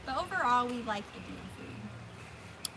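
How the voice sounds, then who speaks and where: Woman, casual co-host, brief remarks, slightly high voice, noisy background. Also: sing-song, a little slow, creaky. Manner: brief, chiming in. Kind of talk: casual chat.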